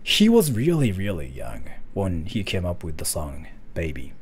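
A man voicing a solemn, persuasive speaker in a deep, hushed, earnest tone. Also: huge pitch swings, slight background noise. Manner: slow, earnest, grave.

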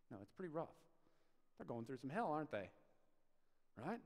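Animated pastor in a reverberant church. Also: male voice, fairly high pitch, fairly quick, pauses often. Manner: conversational, animated storytelling with sudden loud bursts and soft asides. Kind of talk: sermon. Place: church sanctuary.

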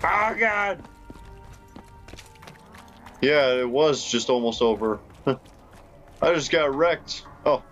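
A young man giving casual gameplay commentary, reacting excitably with laughs and rambling remarks. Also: a little high, extremely slow, long pauses, dull audio. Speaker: gaming YouTuber. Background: game music.

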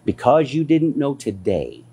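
A man preaching a fiery, scolding sermon as a pastor, his voice climbing higher as his intensity builds. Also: sing-song, measured pace, mellow, husky.

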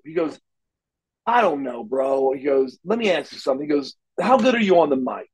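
A man's voice: fairly high pitch, very animated, normal speed, darkish tone, a little hiss or hum, low-quality recording. A middle-aged man, an interview guest, telling stories casually and animatedly, acting out the dialogue with frequent restarts. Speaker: interview guest, former wrestler.

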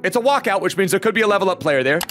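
A young man giving lively, excitable commentary as he plays a football video game, talking straight to his viewers and venting when things go wrong. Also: high voice, very fast, over music. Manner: animated, talks to viewers, frustrated outbursts. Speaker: gaming YouTuber.

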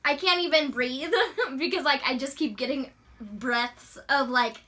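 A young woman joining her friend's vlog, playful and easygoing. Her voice is high for a woman and very bright and forceful. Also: unhurried. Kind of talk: casual chat.

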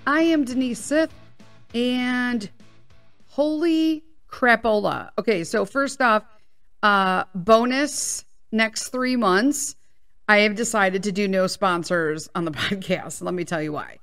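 A woman's voice: medium pitch, slow, a bit bright, faint music behind. A woman in her fifties hosting her own podcast, talking casually and candidly and swearing freely, recorded at a microphone in a small home studio. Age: 50s. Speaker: podcast host. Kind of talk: casual solo podcast chat.

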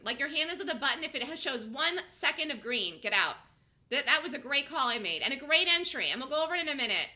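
Woman host, live trading-room commentary, high animated voice, bright and forceful, excitable delivery. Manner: excitable, swings from muttering to shouting calls. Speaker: day trader streaming a live trading room.

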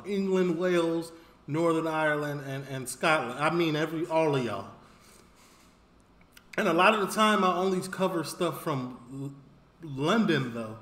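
A man hosts a reaction video in a relaxed, slangy way and talks right to his viewers. His voice sits fairly high for a man. The room around him sounds echoey. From Chicago, United States. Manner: laid-back slang, talks straight to viewers. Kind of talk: casual reaction commentary.

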